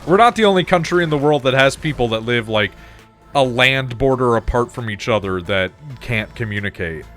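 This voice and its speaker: A man's voice: medium pitch, expressive, normal speed, a bit bright, soft background music. Chatty, laughing male gaming streamer. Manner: chatty and laughing, swears freely while telling anecdotes. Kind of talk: casual gameplay commentary.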